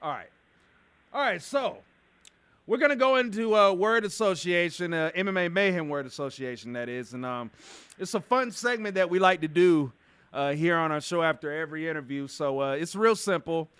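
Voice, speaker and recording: A man's voice: fairly high pitch, expressive, normal speed, a bit bright, clear, resonant tone, dry recording. A man hosting a radio show interview in an enthusiastic, hyped manner.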